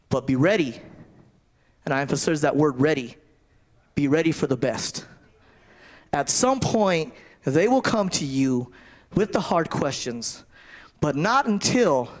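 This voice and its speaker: A man giving a conversational sermon, often repeating and restarting his phrases. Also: on the high side. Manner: conversational preaching with repetitions and restarts. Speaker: preacher.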